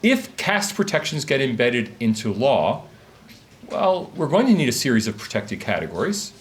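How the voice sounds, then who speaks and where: A man, an academic, presents a conference talk to a live audience in a conference room. His medium-pitched voice moves at normal speed, and he works from notes with a lively, questioning delivery.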